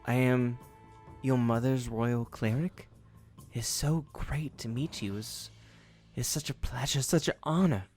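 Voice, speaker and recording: Polite fawning woman court cleric in a tabletop game, a man doing the voice, average pitch. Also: steady tone, darkish tone, soft background music, close to an everyday voice. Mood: gushing. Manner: courteous, gushing, halting.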